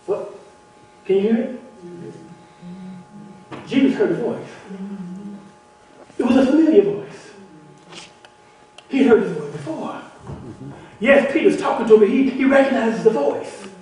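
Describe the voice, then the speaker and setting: Man preaching a sermon, high voice, heard from across an echoing church hall. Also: animated, a little slow, long pauses. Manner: call-and-response preaching, repeats words, builds to shouts. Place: church sanctuary. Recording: echoey church hall from far off.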